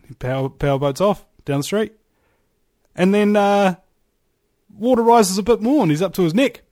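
A man's voice: sits high, moderate pace, long pauses, dark tone, no room sound, studio quality. A man hosting an interview conversation, hesitant with frequent fillers as he tells stories. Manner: hesitant, many fillers, storytelling. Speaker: host.

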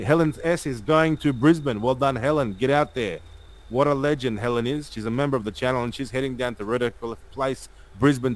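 A man's voice: mid-range voice, rough recording. A man hosting a casual live stream, reading viewer comments aloud and rallying his audience.

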